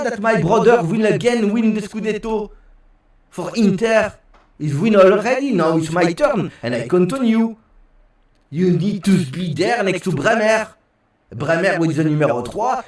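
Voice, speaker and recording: A boastful young footballer with a thick French accent, as a man puts him on, coaxing a teammate with a lively voice set higher than a man's usual speaking pitch. His talk is dotted with French words and a habitual "hein". The sound is a roomy recording played back from well away from the mic. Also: distant mic. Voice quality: heavy French accent, mixing French words into English. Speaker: host doing an impression. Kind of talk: comic impression in an old video clip.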